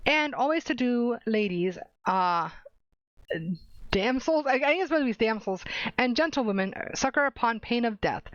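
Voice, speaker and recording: A woman's voice: fairly high pitch, lively intonation, normal speed, no room sound. A young adult woman streamer chatting casually and reading game papers aloud, stumbling and correcting herself as she goes. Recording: dull, dry lo-fi stream audio.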